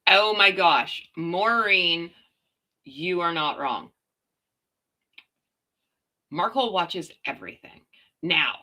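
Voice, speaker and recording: A Canadian woman hosting a casual live chat from home, chatty and quick to laugh as she talks to her viewers and her dogs. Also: fairly low pitch, expressive, bright, forceful tone. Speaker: livestream host.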